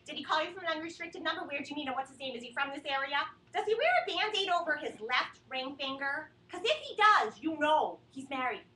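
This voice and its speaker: Woman doing her meddling older mom, bright high voice with lively swings, rapid suspicious questions, roomy distant webcam sound. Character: nagging suspicious older mother, meddling and blunt.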